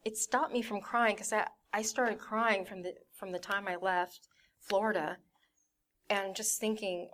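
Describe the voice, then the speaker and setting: A woman's voice: medium pitch, fairly even intonation, unhurried, fairly bright tone. A young woman giving a personal testimony in a candid way, acting out her family's voices as she tells it. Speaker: church member giving a testimony.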